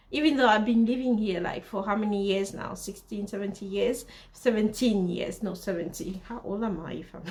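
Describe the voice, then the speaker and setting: A young woman from Zimbabwe talks straight to her viewers in a casual storytelling way. Her voice sits a little high, and she is blunt and emphatic, hammering her points home by repeating them. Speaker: vlogger.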